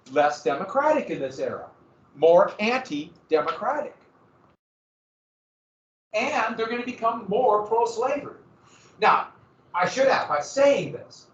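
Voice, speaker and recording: A man's voice: high-pitched, a bit bright. A man teaching a history lesson in a conversational way, asking rhetorical questions and correcting himself as he goes. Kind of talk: classroom lecture. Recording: roomy, dull lo-fi classroom recording.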